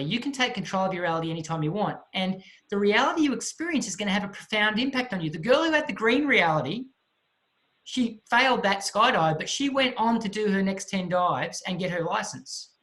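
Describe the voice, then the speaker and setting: A man giving a motivational talk, telling a story in an animated way with vivid sound effects. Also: sits high, brisk, poor audio. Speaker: motivational speaker.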